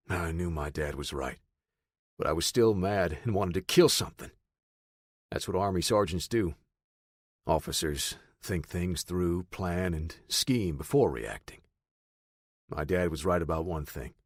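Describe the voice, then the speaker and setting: Casting: low male audiobook narrator, matter-of-fact, dry studio sound. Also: measured pace, dry recording. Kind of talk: first-person audiobook narration.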